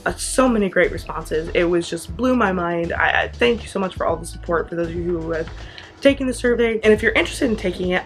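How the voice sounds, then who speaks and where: A young American woman hosting her own channel, talking earnestly to camera in a chatty way with quick asides. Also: medium pitch. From United States. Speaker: channel host. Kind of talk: casual vlog talk to camera.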